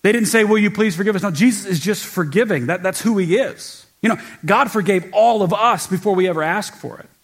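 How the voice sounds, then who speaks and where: A man preaching a sermon as pastor, teaching in an earnest tone and dropping low and soft when he quotes scripture. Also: a little fast, few pauses.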